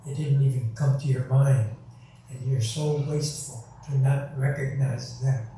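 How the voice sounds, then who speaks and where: A stern, strict old sculptor lecturing his pupil, voiced by a man telling the story. The voice is deep and mellow, and it rings with heavy hall echo from a distant mic. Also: steady tone, unhurried, slight background noise, natural voice. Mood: scolding. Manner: scolding, lecturing. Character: stern older male master sculptor, strict teacher. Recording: very echoey hall, mic far off.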